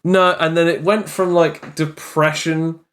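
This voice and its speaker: A man's voice: on the high side, unhurried. A man who runs a tabletop game, telling a story in casual chat with lots of fillers and restarts. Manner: animated storyteller, many fillers. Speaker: game master.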